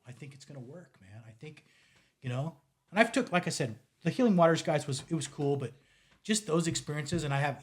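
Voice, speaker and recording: A man in his forties who owns a fly shop and guides fishing trips, telling a story casually on a podcast and acting out the dialogue. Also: on the high side. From United States. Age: 40s. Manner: animated, acts out quoted dialogue, drops to near-mutter at times.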